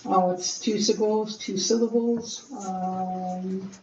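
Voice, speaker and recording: A woman student gives slow, flat answers in a mellow tone, starting with a hesitant uh. The sound is dull and echoey, with a faint hiss behind her. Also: medium pitch. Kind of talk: answering in class. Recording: dull echoey room audio, faint noise.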